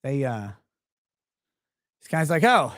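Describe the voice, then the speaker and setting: A man's voice: a little high, animated, moderate pace, dry recording, clean studio sound. Sarcastic man riffing on a livestream. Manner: sarcastic, rambling, mocking impressions; talks to chat viewers by name. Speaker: livestream host. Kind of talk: casual livestream commentary.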